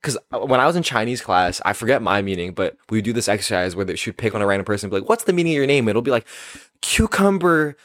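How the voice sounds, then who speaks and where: A man's voice: fairly low pitch, racing, few pauses, no room sound. A young man co-hosting a podcast, chatting in a slangy, joking way. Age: young adult. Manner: lively, expressive, slangy and joking. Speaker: podcast co-host. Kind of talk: casual chat.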